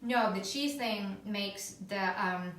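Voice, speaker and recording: A woman's voice: mid-range voice, slow pace, a bit bright. A woman co-hosting a wine podcast, chatting casually and enthusiastically with fillers while tasting. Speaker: podcast co-host. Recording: echoey room, mic at a distance.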